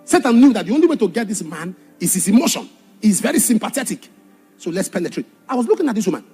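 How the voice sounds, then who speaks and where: Impassioned high-voiced preacher with husky tone. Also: male voice, very animated, fast talker, faint music behind. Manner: impassioned, shifts from shouted warnings to hushed storytelling. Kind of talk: sermon.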